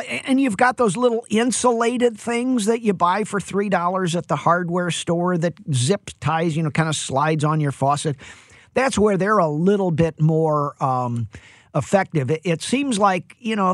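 A high-pitched man hosts a live home-repair call-in radio show, speaking into a studio microphone on a dry recording. He's energetic and chatty, tossing in lots of "you know" and playful jokes.

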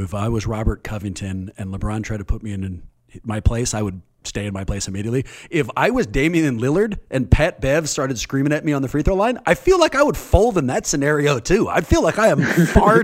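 A male podcast host asking guests joking, animated questions in a conversational interview. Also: medium pitch.

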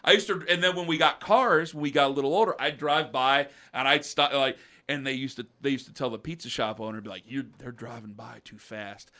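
A middle-aged man on a podcast, telling rambling stories in a casual, animated way. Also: on the high side, quick pace, few pauses. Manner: rambling, animated storyteller with mocking quoted voices. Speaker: podcast co-host. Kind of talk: casual storytelling chat.

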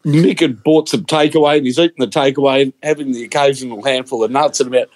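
A man's voice: medium pitch, steady tone, fast talker, a little mellow. A man telling a story in casual podcast chat, full of hesitations and restarts. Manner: chatty, hesitant anecdote teller.

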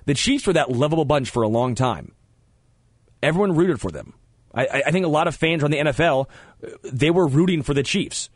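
A man hosting sports talk radio, animated and opinionated, often stammering as he restarts a thought, on a close studio mic. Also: fairly high pitch, a little fast, husky, no echo.

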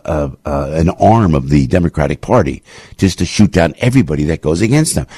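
A male radio show host delivering an impassioned, ranting commentary monologue, full of rapid restarts, into a studio microphone. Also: lowish voice, mellow, breathy edge, dry recording.

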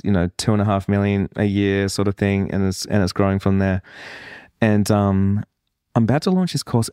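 A man hosting a solo podcast, talking candidly and rambling a little as he reflects out loud. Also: fairly low pitch, no room sound, clean studio sound. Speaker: podcast host. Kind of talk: casual solo podcast monologue.

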